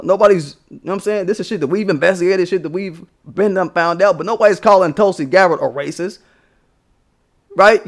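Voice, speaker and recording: Profane, emphatic man ranting live. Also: sits high. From United States. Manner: profane, emphatic, laughing scornfully. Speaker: livestream host. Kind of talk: casual political rant.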